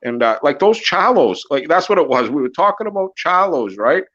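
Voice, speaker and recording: A man's voice: fairly high pitch, moderate pace. A man in casual chat on a podcast, rambling and swearing freely as he talks. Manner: rambling, profane, animated. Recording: muffled lo-fi audio.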